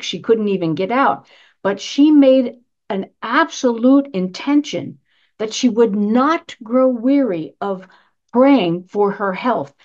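A woman's voice: medium pitch, darkish tone, muffled recording. A woman minister giving a sermon in a conversational style, asking rhetorical questions and repeating her key phrases for emphasis. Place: church sanctuary.

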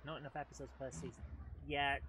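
A man's voice: mid-range voice, flat delivery, quick pace. A man streaming a game live, chatting playfully with viewers and joking as he plays. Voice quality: playful, jokey, puts on silly voices. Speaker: let's play streamer. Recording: noisy game audio behind. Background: game sounds and gunfire.

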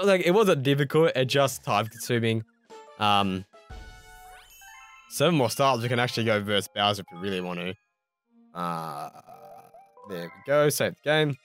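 A man's voice: medium pitch, fairly bright tone. Chatty Australian man narrating gameplay. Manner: chatty and self-mocking, swears mildly, laughs at his own mistakes. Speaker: gaming YouTuber. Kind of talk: casual let's-play commentary.

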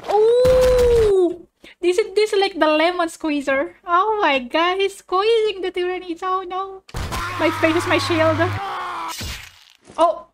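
Excitable high-voiced woman reacting. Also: measured pace, noisy background. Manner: excitable, frequent laughter and exclamations. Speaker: VTuber reacting to videos. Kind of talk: video reaction commentary. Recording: video's music playing behind.

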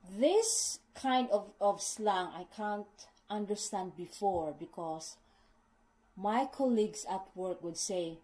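Slow, mellow-voiced woman explaining slang. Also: medium pitch, expressive, low-quality recording. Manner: unhurried, repeats explanations, addresses viewers as guys; non-native English phrasing. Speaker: vlogger teaching British slang. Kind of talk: casual spoken explainer.

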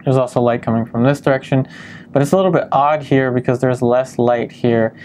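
A man calmly talking through a painting demonstration step by step, often pausing with ums as he works. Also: medium pitch, slight background noise. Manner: calm step-by-step explaining with frequent ums. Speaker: painting instructor.

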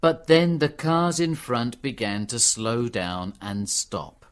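Slow, expressive male story narrator. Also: medium pitch, clear, resonant tone. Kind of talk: graded reader audiobook narration.

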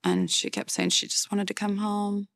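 A woman in her forties, a mother giving a halting, plain-spoken personal account in a documentary interview, with many fillers and restarts. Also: mid-range voice, sing-song, vocal fry, a bit bright, no room sound.

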